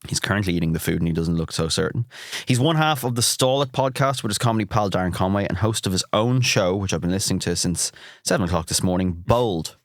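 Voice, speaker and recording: An Irish man hosts a laid-back food podcast with a fairly low voice. He teases his guest in an easygoing way and asks curious questions. The sound is dry and close, with no room echo. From Ireland. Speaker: podcast host and chef. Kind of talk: casual food podcast chat.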